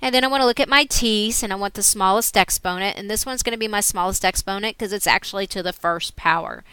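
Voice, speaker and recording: A woman math teacher talking through worked examples in a recorded screen lesson, explaining each step in a steady way. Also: medium pitch, fast talker, clear, resonant tone, no room sound.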